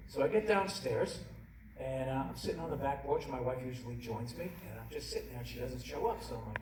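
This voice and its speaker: A man's voice: medium pitch, lively intonation, quick pace, heavy background noise. A middle-aged man doing a stand-up comedy routine, ranting and cursing with self-mocking storytelling. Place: large indoor comedy venue. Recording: distant echoey live hall, loud crowd. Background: roaring audience laughter.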